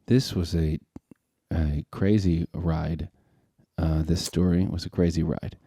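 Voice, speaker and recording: A man's voice: deep voice, flat delivery, slow, mellow, no echo. A young adult man co-hosting a podcast in casual chat, a dry, teasing sidekick who sums things up wryly. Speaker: podcast co-host.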